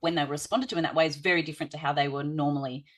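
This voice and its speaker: Softly low-voiced woman telling stories. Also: fairly even intonation, racing. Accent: Australian. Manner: warm storytelling with frequent fillers. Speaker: podcast guest, parenting instructor. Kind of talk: conversational storytelling.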